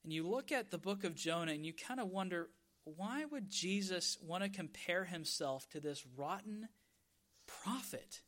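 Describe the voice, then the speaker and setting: A male pastor delivers a sermon. His voice sits high and sounds bright and forceful, and he slows right down on the words he wants to land. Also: lively intonation. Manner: emphatic preaching, stretches key words slowly for stress.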